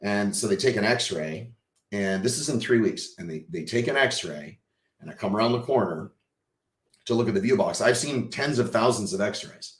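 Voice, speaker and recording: Lower-voiced man telling a gripping story. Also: normal speed, roomy sound. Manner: vivid storyteller who acts out quoted dialogue; swings from hushed to loud and excited. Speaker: podcast guest. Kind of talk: emotional personal storytelling.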